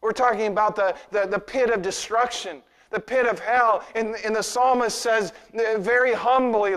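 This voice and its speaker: A man's voice: sits high, fairly even intonation, moderate pace, few pauses, fairly bright tone, clear, resonant tone, in a large hall. A male preacher delivering a sermon, earnest and emphatic, often repeating words as he presses a point.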